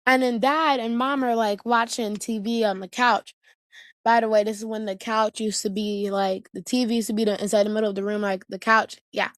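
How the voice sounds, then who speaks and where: A woman's voice: on the high side, steady tone, fairly quick, dry recording, clean studio sound. A woman vlogger casually telling family stories, chatty and slangy, often circling back to her point. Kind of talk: casual storytelling to camera.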